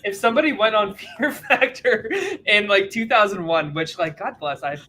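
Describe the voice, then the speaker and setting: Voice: medium pitch, normal speed, pushed and bright. A podcast co-host chatting casually, talking candidly in a rambling way with mild exasperation. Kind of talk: casual chat.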